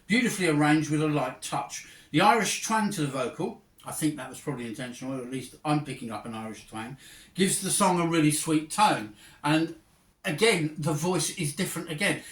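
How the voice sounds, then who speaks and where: A man's voice: fairly high pitch, fairly bright tone, roomy sound, recorded from a distance. A man hosting a casual album review, chatty and digressive with real enthusiasm. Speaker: music review host.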